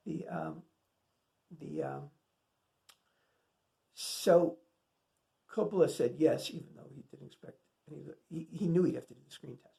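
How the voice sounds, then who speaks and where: A man's voice: a little high, normal speed, creaky, pauses often, dark tone. A man introducing a classic film to an audience, retelling behind-the-scenes anecdotes in a loose, conversational way with many fillers and restarts. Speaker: film lecturer introducing a screening. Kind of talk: casual spoken film introduction.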